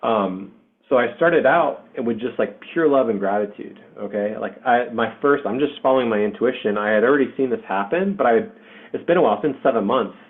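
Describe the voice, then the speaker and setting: A man's voice: mid-range voice, a little fast. Man in his forties on a tinny call. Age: 40s. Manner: informal and heartfelt, says "dude", many fillers. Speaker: host of a spiritual group call. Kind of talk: casual personal storytelling. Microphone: video call. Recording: tinny video-call audio.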